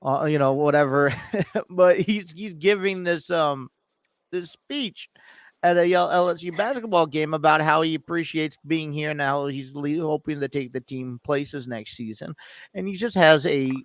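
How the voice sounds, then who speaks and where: A man's voice: on the high side, normal speed, no room sound, clean studio sound. A man co-hosting a sports podcast in casual chat, rambling with many restarts and easy laughter.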